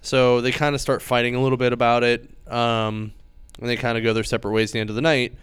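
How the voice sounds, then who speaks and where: Male comic podcast host, excited rambling recap, clean resonant voice, dead-dry recording. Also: medium pitch, quick pace, clean tone, dry recording. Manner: rambling, filler-heavy, enthusiastic retelling. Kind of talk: casual chat.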